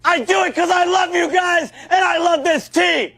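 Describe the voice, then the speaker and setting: An actor playing a foul-mouthed, raging high school football coach who bellows profane insults at his players in a comedy sketch. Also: moderate pace, exaggerated voice. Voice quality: gravelly, strained high shout.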